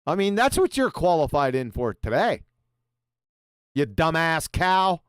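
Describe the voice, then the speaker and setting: A sarcastic man tears into a video with abrasive, profane commentary. His pitch leaps and drops constantly and sits fairly high for a man. The sound is dry and close. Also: big pitch swings, a little slow, fairly bright tone, smooth, no echo. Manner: sarcastic, abrasive, swears a lot. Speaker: show host reacting to a video.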